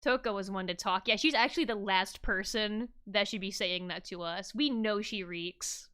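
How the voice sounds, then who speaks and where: A woman's voice: medium pitch, moderate pace, a bit bright, clean tone. A woman streaming a game in casual commentary, playful and laughing often as she reads lines aloud. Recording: faint music in the background.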